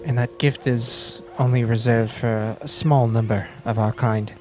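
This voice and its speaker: A man voicing a formal, courteous male elf native, speaking in a measured way. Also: medium pitch, fairly even intonation, over music, lightly acted.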